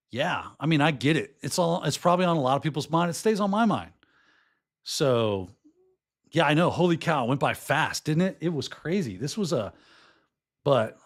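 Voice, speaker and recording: A middle-aged man hosting a podcast in casual chat, hoarse and losing his voice, rambling and slipping into put-on accents. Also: a little high. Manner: chatty and rambling, often breaking into put-on accents. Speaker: podcast host.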